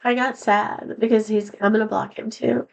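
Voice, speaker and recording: A woman's voice: fairly high pitch, little pitch movement, normal speed, vocal fry, poor audio. A middle-aged woman talking to the camera in a rambling, confessional vlog, sad and candid, her voice a little worn after being sick. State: voice not at full strength after being sick. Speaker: vlogger. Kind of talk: personal vlog monologue.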